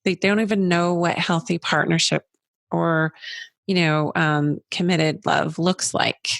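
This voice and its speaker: A woman in her forties hosting a casual interview, chatty and quick with asides and laughter. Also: fairly low pitch, fairly even intonation, gravelly, dry recording. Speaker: podcast host.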